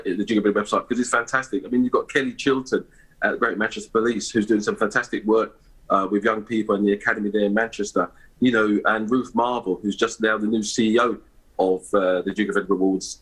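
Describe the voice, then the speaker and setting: Here a guest on a live broadcast interview, a middle-aged award ambassador from East London, England, stumbles along with frequent fillers and restarts. The voice is fairly low, somewhat bright and husky, captured on a low-quality recording.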